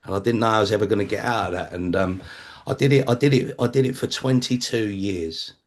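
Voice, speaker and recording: Man, recovery meeting share, blunt conversational delivery, swearing, low voice. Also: fairly quick. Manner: acts out other people's voices. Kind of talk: personal recovery testimony.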